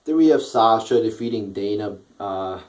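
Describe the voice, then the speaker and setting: A man's voice: fairly low pitch, animated, normal speed, a little mellow, far from the mic, rough recording. A sleepy man ranting casually and profanely as a wrestling show reviewer, rambling with restarts and yawning.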